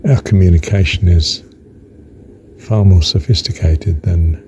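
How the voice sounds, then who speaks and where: Deep, mellow older man musing slowly. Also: a little hiss or hum. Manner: slow, musing, halting with fillers and soft whispered asides. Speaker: speaker on faith. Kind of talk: reflective spoken meditation.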